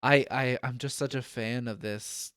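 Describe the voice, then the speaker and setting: A man's voice: mid-range voice, fairly even intonation, unhurried, a bit bright, no room sound, clean studio sound. A young man co-hosting a sports podcast, chatting casually about football and laughing often. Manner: laid-back, laughs often. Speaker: podcast co-host.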